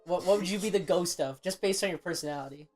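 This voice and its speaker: A man's voice: high-pitched, quick pace. A man from Toronto co-hosting a casual podcast chat, teasing and playful. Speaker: podcast co-host. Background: faint classical music.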